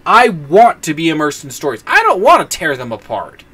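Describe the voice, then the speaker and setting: A male game streamer gives casual commentary as he plays. His voice sits a little high, and he launches into long rants about the story, swapping in mild stand-ins for curse words. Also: wildly swooping pitch, normal speed, a bit bright, husky. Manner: ranting, swaps in mild words for swearing.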